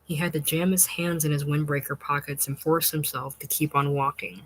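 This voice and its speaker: A narrator reading a literary short story in a measured, unhurried and expressive way. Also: mid-range voice, low-quality recording.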